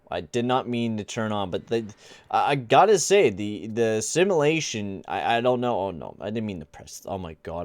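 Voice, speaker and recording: A young gaming channel host offers casual gameplay commentary, rambling and exasperated, full of slang like "dude" and "bruh." His voice is lowish and the recording dry.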